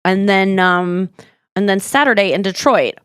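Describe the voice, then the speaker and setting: A woman's voice: medium pitch, smooth, no echo. Rambling woman hosting a comedy podcast. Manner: rambling, self-interrupting, quick to laugh. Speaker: podcast host. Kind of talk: casual comedy podcast chat.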